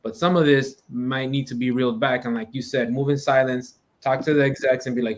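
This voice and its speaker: An American man co-hosting a casual sports podcast, talking in a relaxed, agreeable way with some stammered restarts. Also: mid-range voice, a little fast, hardly any pauses. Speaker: podcast co-host.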